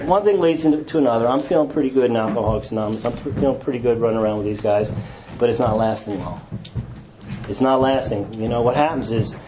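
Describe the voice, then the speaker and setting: A man telling his recovery story to an audience, acting out quotes with self-mocking humor and dropping to low, quiet tones in the hard parts. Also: fast, background noise. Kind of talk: personal testimony talk to an audience.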